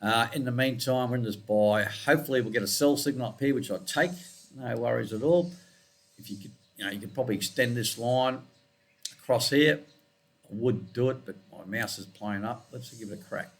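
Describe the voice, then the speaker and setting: A forex trading analyst walks through trading charts in a casual screencast, rambling, correcting himself, and muttering asides. His voice is mid-range with a fairly bright tone.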